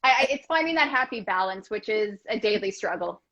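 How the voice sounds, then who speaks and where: A woman's voice: medium pitch, lively intonation, a little fast, fairly bright tone. A woman actor speaking as a guest in a casual chat, earnest and reflective, often ending her thoughts with "right?". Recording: dull, lo-fi sound.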